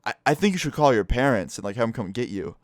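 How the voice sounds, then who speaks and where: A man's voice: medium pitch, animated, quick pace, dry recording, clean studio sound, natural voice. A man voicing a flustered adult male bus driver who hesitates and stammers. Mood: hesitant.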